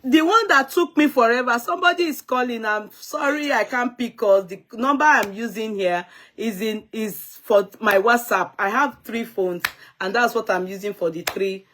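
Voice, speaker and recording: A woman's voice: on the high side, moderate pace, a bit bright. A middle-aged woman with a Nigerian accent, chatting casually and slipping in Yoruba phrases. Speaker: host. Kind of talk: casual group chat.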